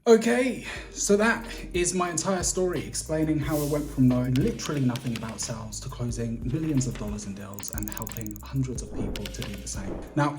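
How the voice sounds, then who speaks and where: A man speaks to camera as a sales coach, energetic and emphatic, with short laughs and the odd casual swear between phrases. His voice sits at a middling pitch for a man. Soft background music plays faintly beneath him. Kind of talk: direct-to-camera vlog.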